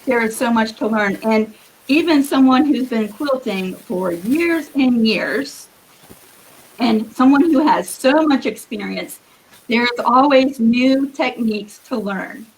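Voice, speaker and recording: A woman giving earnest, encouraging quilting advice as a guest on a live video call, with a husky morning voice. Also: fairly high pitch, animated, slow, poor audio. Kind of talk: live-streamed advice talk.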